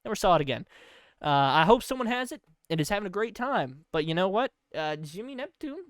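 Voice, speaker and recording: A man's voice: sits high, lively intonation, brisk, fairly bright tone, no echo, clean studio sound. Goofy rambling male comedy host. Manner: loose, goofy, full of filler asides; breaks into laughter mid-line. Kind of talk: rambling comic monologue.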